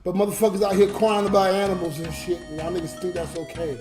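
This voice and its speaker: A drunk man, a livestreamer and YouTube comedian, cries and rants in an emotional late-night livestream, swearing and addressing his viewers directly. His high-pitched voice is fast and level in tone, in an echoey room with music in the background.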